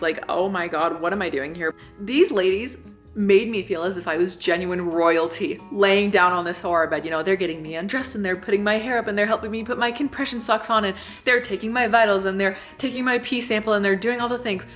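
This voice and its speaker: A young woman vlogger telling a comedic personal story in an animated way, swearing freely and acting out the people she quotes. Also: medium pitch, moderate pace, soft background music. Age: young adult.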